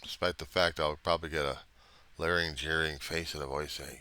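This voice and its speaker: Very deep, gravelly angry man. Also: steady tone, fairly quick, bright, forceful tone. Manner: angry, rambling, profane. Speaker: diarist. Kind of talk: personal diary monologue.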